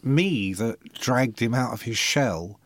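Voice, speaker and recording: A man in his fifties, a podcast co-host telling lively anecdotes in casual chat, with loud bursts of shouting and laughter. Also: mid-range voice, slow, dry recording.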